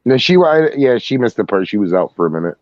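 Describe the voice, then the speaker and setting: A man with a lowish voice chimes in on a livestream, laughing between his remarks. His mic sounds dull and dry, as if he sits back from it. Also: big pitch swings, fast talker, no room sound. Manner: laughing, chiming in. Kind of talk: casual livestream chat.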